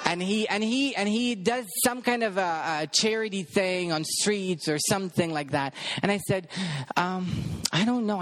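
A man telling a personal testimony, acting out the voices of people in the story as he goes. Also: high-pitched. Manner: animated storyteller acting out dialogue. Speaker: ministry worker.

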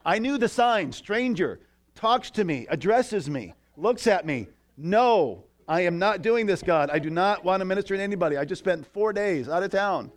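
A man preaching a sermon in a church, telling a story with lively asides to the congregation. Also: high voice, normal speed. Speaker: pastor.

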